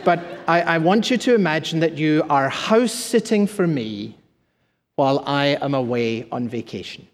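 A man's voice: fairly high pitch, lively intonation, normal speed, in a large hall. A man preaching a sermon with emphatic, repeated phrases. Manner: preaching with rising emphatic repetition. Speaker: pastor.

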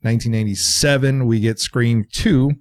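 A man in his thirties chatting casually about a horror film on a podcast. He talks in an animated, profane way, mocking the studio's thinking. His mid-pitched voice sounds dry and close, with no room around it. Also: normal speed, no room sound. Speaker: podcast co-host. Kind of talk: casual movie review chat.

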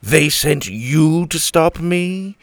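Cocky pirate captain, a man voicing him; slow, sneering, gravelly, swings up and down. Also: fairly high pitch, lively intonation, no echo, studio quality, voice pushed up. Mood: mocking. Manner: playful, mocking, theatrical.

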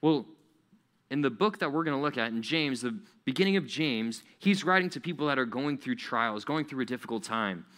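A man's voice: mid-range voice, animated, a little fast, a bit bright. A man, a pastor, giving a casual, conversational sermon full of rhetorical questions.

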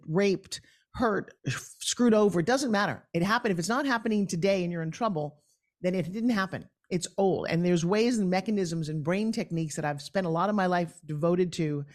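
A woman guest on a podcast, a professional coach, telling her story in an energetic, emphatic way. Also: medium pitch. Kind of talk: podcast interview.

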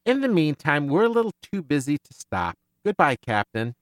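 A man reading a calm, cold female starship captain. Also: fairly high pitch, normal speed, dry recording, pitched above the performer's own voice. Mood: smooth polite. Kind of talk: reading a novel passage aloud.

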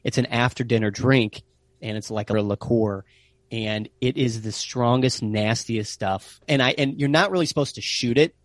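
Animated American man telling stories. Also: mid-range voice, moderate pace, no room sound. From United States. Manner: animated, with playful Italian phrases. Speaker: guest telling travel stories. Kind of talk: casual storytelling chat.

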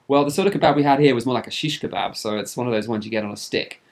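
A man's voice: mid-range voice, racing. A man co-hosting a podcast, telling travel stories in a chatty, jokey way. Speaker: podcast co-host. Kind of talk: casual chat.

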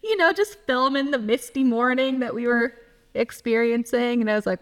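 A woman's voice: a little high, moderate pace, fairly bright tone. A woman co-hosting a podcast in casual chat, talking candidly and swearing freely as her voice swings up and down. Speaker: podcast co-host.

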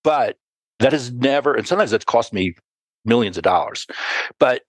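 A man's voice: mid-range voice, animated, moderate pace, no echo. A middle-aged man, a mountaineer guest on a podcast, speaking in a thoughtful, reflective way. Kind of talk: casual interview talk.

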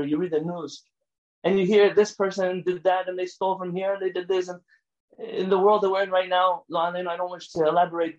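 A man with a fairly high voice gives a rabbi's lecture full of stories. He speaks in an animated, emphatic way and sometimes pushes close to a shout. The recording is dull and lo-fi. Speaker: rabbi teaching a class. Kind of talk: lecture with storytelling.

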